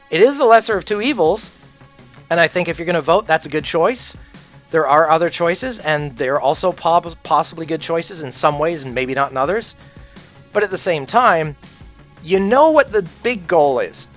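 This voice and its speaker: Guy streaming a game, high-pitched voice, swears a lot, blunt hot takes, faint music behind. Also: fairly bright tone. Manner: blunt, profane, opinionated. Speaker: livestreamer. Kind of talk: casual rant while gaming.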